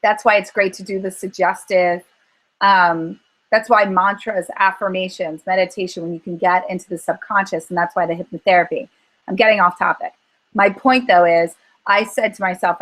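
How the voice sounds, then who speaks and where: A woman's voice: fairly low pitch, moderate pace, rough recording. A woman coaching on emotional eating in a group call, talking earnestly and acting out her own inner voice as she tells stories. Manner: earnest, animated storytelling with acted-out inner voices. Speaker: weight-loss coach.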